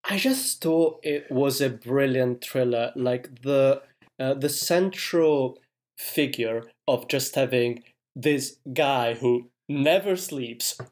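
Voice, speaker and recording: Man, podcast co-host, thoughtful and halting delivery. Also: medium pitch. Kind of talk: casual chat.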